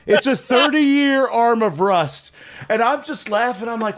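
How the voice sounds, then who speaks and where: A man's voice: sits high, a little slow. A man telling a long, profane story in casual conversation, laughing as he acts out what people said. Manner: animated, profane, laughing storyteller acting out quotes.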